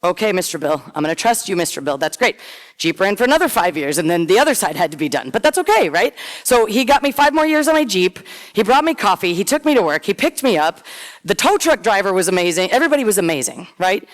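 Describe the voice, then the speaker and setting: A middle-aged woman giving a conference talk, telling a story in a chatty, animated way and acting out what others said. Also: medium pitch, fast talker. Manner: chatty, animated, acts out quoted voices. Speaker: conference presenter. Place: large conference hall. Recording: long hall reverb.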